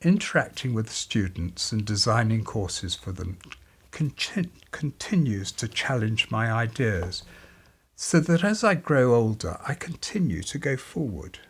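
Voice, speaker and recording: A man's voice: fairly low pitch, sing-song, a little slow, husky. A man in his fifties, an artist and part-time teacher, telling wry stories to camera with dry humour. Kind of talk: reflective storytelling to camera.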